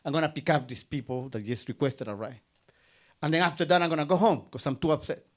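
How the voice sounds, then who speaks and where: A man's voice: on the high side, fast talker. A man from Guatemala, telling a personal story on stage and acting out both sides of a conversation.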